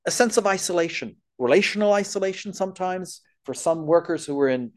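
A man's voice: high-pitched, animated, brisk. Earnest man giving a church talk. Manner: earnest, explanatory, lists points. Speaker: speaker on missionary care.

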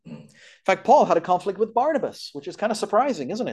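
A man's voice: high voice, big pitch swings, fast talker, darkish tone, slightly rough. Earnest man giving a church talk. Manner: earnest, explanatory, lists points. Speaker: speaker on missionary care.

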